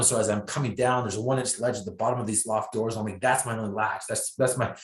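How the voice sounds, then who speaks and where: A man, a guest speaker, telling a personal story in an interview with self-deprecating humor, acting out the lines of the people in it. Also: quick pace. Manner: animated storyteller, acts out his own and others' lines with bursts of pitch and volume. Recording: echoey room.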